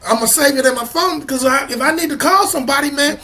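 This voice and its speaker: High-voiced heartfelt male co-host. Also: quick pace, creaky, pushed and bright. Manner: heartfelt, says "man" after most phrases. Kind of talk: casual talk show chat.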